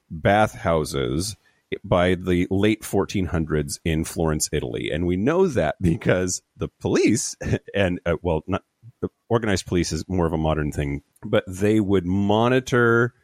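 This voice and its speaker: Sick male podcast co-host, low and lively, rambling, dry sound. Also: no echo. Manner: rambling, repeats words while explaining. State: sick with covid. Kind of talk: casual chat. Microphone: remote recording.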